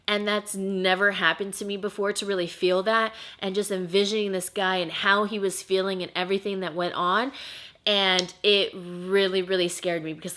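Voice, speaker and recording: A woman's voice: medium pitch, bright, forceful tone. A young woman talks straight to her viewers in a casual storytime vlog, recounting a paranormal experience. She is chatty and emotional, with plenty of filler words. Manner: chatty, emotional, heavy use of "like". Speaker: vlogger.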